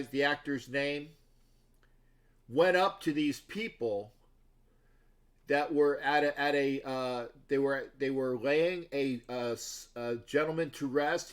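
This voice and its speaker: A man's voice: medium pitch, unhurried. A man hosting a sports talk livestream, chatting loosely with viewers and rambling through stories with many restarts and asides. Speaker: livestream sports show host. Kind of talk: casual rambling livestream chat.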